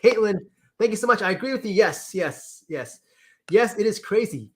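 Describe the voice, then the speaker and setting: Animated male livestream host. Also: sits high, moderate pace. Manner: animated, exclaiming, repeats words. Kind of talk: casual livestream chat reading comments.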